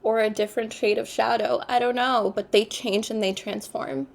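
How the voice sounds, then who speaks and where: A woman giving an intuitive tarot card reading, speaking in an unhurried, earnest way and repeating her spiritual phrases. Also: on the high side, steady tone, creaky. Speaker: tarot reader.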